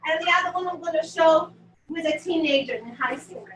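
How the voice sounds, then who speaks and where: A woman's voice: extremely high pitch, brisk, a bit bright. A woman presenting at a conference for parents, talking casually to the audience, chatty and laughing often at herself. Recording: echoey hall, mic far off, faint noise.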